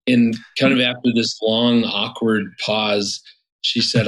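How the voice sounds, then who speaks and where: A man in his fifties with a lowish voice talks through his story as a podcast guest. He rambles loosely and restarts his sentences often. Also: flat delivery, takes it slowly, fairly bright tone, low-quality recording. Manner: rambling, many restarts and fillers. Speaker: guest marriage therapist. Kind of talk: casual interview storytelling.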